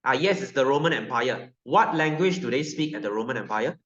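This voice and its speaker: A man's voice: medium pitch, expressive, fairly quick, a bit bright. A male science teacher with a Malaysian English accent giving a classroom lecture, joking and constantly quizzing his students. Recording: roomy, dull sound.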